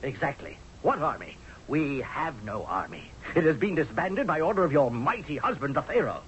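A man's voice: a little high, big pitch swings, normal speed, a little hiss or hum. An actor playing a blunt, sarcastic male army general in a 1970s radio drama. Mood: exasperated. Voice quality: sarcastic, forceful. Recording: dull lo-fi radio recording.

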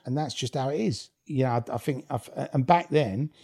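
A man's voice: mid-range voice, a little fast, dark tone, breathy edge. A man, telling blunt, swear-filled stories as an interview guest, laughing as he goes. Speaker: guest, former rave promoter. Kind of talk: casual storytelling interview.

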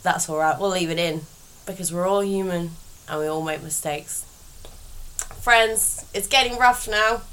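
Tired, slow-talking woman podcast host. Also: fairly low pitch, a bit bright, low-quality recording. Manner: slow, rambling, self-correcting. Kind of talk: casual monologue.

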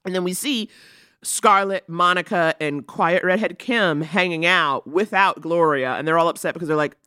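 A woman co-hosting a casual chat, retelling a movie with animated emphasis. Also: on the low side, normal speed, smooth, no room sound, clean studio sound. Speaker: podcast co-host.

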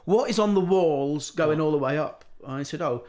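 A man's voice: a little high, moderate pace, darkish tone. A middle-aged man telling anecdotes in casual chat, acting out the voices of people he quotes.

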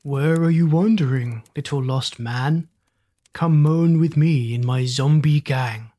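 A reader voicing a male zombie who mumbles in a lower, moaning way. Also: slow pace, mellow. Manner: low and mumbling.

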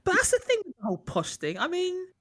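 A man's voice: very high voice, huge pitch swings, fast talker, a bit bright, no room sound. A man hosting a podcast in casual, playful, jokey chat. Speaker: podcast host.

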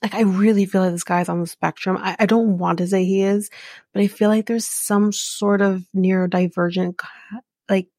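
A woman's voice: mid-range voice, fairly even intonation, moderate pace, darkish tone, no room sound, studio quality. A young adult woman hosting a casual podcast recap and commenting bluntly, with profanity and indignation. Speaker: podcast host.

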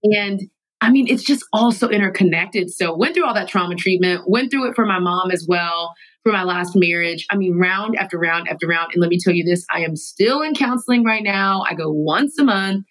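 A woman guest in a studio telling her own story candidly, emphatic and animated, sometimes laughing through her words. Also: on the low side, moderate pace, poor audio. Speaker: podcast guest.

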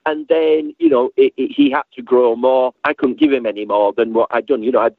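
A man reminisces in a loose, rambling way, stumbling over restarts and slipping into lively impressions of the people in his story. His voice comes through thin and boxy, like a phone call, with no room sound around it. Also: mid-range voice, fairly quick, dry recording. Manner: animated storyteller, acts out voices, frequent restarts. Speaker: guest recalling a late friend. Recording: tinny phone-line sound, dry.

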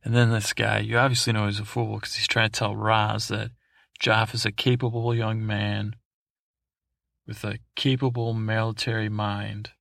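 A man's voice: lowish voice, flat delivery, normal speed, gravelly, fairly bright tone, dry recording, studio quality. A man hosting a sleep podcast, recapping in a meandering, digressive way full of fillers and restarts. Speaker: podcast host.

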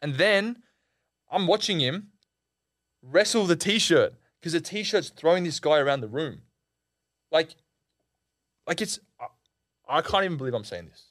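A young man, a podcast guest, telling a story in a casual, animated and slangy way, full of "like" and "bro". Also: on the high side, unhurried, long pauses, no room sound, clean studio sound. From Australia.

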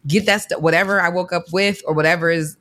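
A woman with a notably low voice talks as a podcast guest, emphatic and full of slang. The sound is dry and close, with no room around it. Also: fairly even intonation, fast, fairly bright tone, no echo. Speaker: podcast guest, on-air talent. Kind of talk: casual interview talk.

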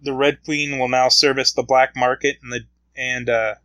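A man's voice: medium pitch, level tone, normal speed, pushed and bright, no echo, low-quality recording. A man casually retelling a comic book story, rambling along with frequent fillers.

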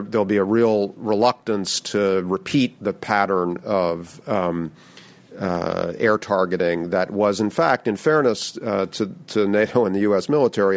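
Deep, low male panelist, measured delivery, lots of "uh"s. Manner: measured, hesitant with many fillers. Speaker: panel speaker. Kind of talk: public policy Q&A.

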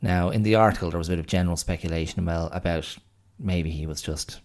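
Man, podcast host, low gravelly voice, casual rambling solo chat. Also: quick pace, a little mellow. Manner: rambling, musing, thinks aloud.

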